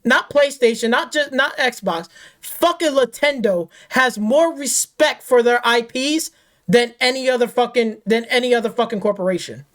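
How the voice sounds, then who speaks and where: A woman with a somewhat high voice rants off the cuff about games. She swears constantly, repeats phrases and keeps asking rhetorical questions in a heated tone. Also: normal speed. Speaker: gaming channel host. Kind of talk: angry off-the-cuff rant.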